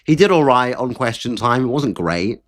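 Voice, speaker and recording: A man's voice: mid-range voice, animated, normal speed. Guy doing solo politics commentary, blunt and sweary, voice swings all over the place. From Britain.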